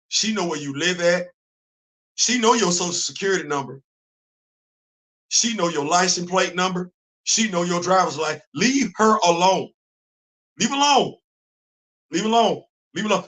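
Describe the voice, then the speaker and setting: A man hosting a casual live-stream chat about comics and culture, animated and repeating phrases for emphasis. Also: high-pitched, low-quality recording.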